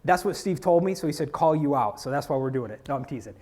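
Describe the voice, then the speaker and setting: A man's voice: medium pitch, fast talker. A man from Florida giving a conference keynote talk, telling stories and working the audience with questions. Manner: lively storytelling, works the audience. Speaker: keynote speaker. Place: conference hall.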